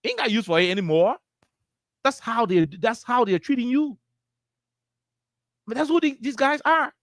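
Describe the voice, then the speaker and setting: A man's voice: very high voice, lively intonation, normal speed, fairly bright tone, no room sound, studio quality. A man with a Liberian English accent giving impassioned political commentary as a radio talk host, full of rhetorical questions and repetition. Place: radio studio.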